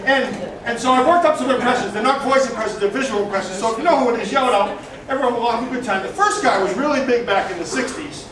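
A man's voice: very high-pitched, fast. A male stand-up comedian working a comedy club crowd, brash and profane. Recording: roomy club, distant mic, loud crowd.

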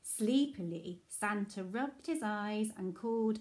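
A woman teacher reading a bedtime picture book to her class in a gentle, soothing way. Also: mid-range voice, lively intonation, measured pace, hardly any pauses. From England.

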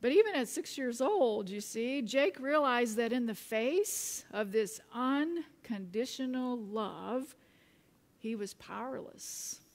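A woman pastor preaching a sermon, telling a story in a relaxed way with light chuckles. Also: fairly high pitch, takes it slowly. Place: church. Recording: reverberant church sanctuary.

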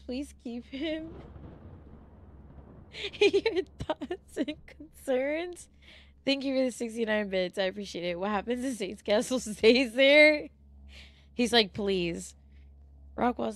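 A young adult woman streaming a horror game live, easily spooked and swearing, chatting to viewers and thanking them between frights. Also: a little high. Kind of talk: casual live gameplay streaming.

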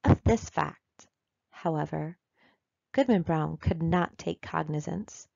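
A woman reading a classic short story aloud in a measured, even storytelling voice. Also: low-pitched, creaky, dry recording, highs cut off. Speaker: reader.

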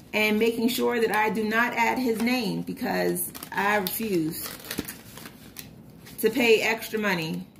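A young woman chatting casually while budgeting, telling a story with lively retold reactions. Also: medium pitch, creaky, a little hiss or hum. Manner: chatty storytelling, animated retellings. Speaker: vlogger.

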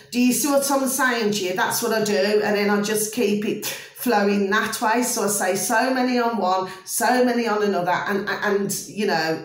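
A woman talking casually to her followers, rambling and repetitive, exasperated but affectionate, often asking if they follow her. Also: mid-range voice. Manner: rambling, repetitive, keeps checking listeners follow. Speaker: vlogger. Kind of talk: casual ranting monologue. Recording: echoey room.

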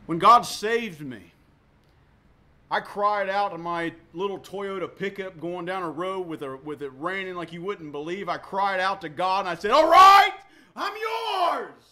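With a voice that sits high and a normal speed, this male pastor preaches emphatically. He lurches between loud and soft passages and repeats words again and again to drive points home.

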